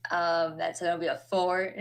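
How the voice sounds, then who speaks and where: A woman's voice: on the low side, little pitch movement, moderate pace. Woman player in a tabletop game, chatty, laughs a lot, says like a bunch. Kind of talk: casual chat.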